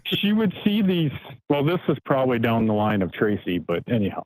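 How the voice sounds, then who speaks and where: Male caller, lively and swooping in pitch, dry close sound, keeps asking "right?". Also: fairly quick, no room sound, low-quality recording. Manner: tells anecdote with frequent "right?" checks. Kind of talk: casual call-in chat.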